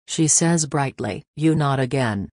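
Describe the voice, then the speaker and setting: A woman's voice: extremely low pitch, expressive, unhurried, a little mellow, no room sound, clean studio sound. A woman narrating a second-person story for English learners in a wry, playful scripted style.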